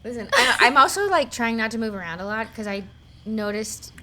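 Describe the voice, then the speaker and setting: A young woman co-hosting a podcast in casual chat, telling stories in a lively, laughing way with casual swearing. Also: on the high side, brisk, a crowd in the background. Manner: animated, swearing, laughing storyteller. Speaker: podcast co-host.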